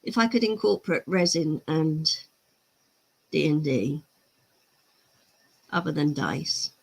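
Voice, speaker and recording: A woman's voice: low-pitched, lively intonation, slow pace, gravelly, breathy edge. A woman hosting a miniature-painting livestream, chatting casually, laughing easily and answering chat comments. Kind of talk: casual live-stream chat.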